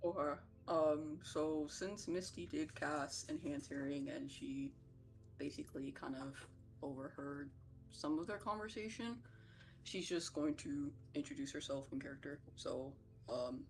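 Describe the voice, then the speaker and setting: Woman, tabletop player, low voice, slow hesitant, many fillers. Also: soft background music, poor audio. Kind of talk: describing actions in a tabletop game.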